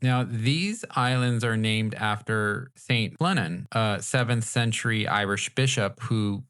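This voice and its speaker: A man's voice: on the low side, unhurried, fairly bright tone, clean tone. A man co-hosting a podcast in a casual chat, joking with wry asides. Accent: American. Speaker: podcast co-host.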